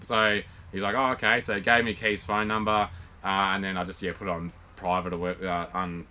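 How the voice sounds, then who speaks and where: Young australian man, bright forceful voice, casual storytelling, acts out quotes. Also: deep voice, fairly quick. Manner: animated retelling with quoted dialogue and laughs. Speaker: vlog co-host.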